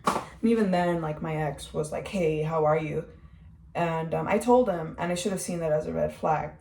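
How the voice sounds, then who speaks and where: A woman's voice: low-pitched, normal speed, gravelly, noisy background. A young woman telling her personal story in a rambling way, filling her talk with "like" and "um". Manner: rambling, heavy use of "like" and "um". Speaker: vlogger. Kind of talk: personal testimony. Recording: echoey room from far off.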